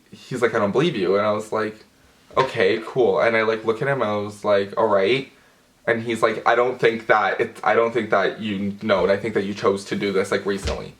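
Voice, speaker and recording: Animated, profane young man telling a story. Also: fairly low pitch, moderate pace. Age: young adult. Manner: animated and profane, with dramatic outbursts. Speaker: vlogger. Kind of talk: storytime vlog.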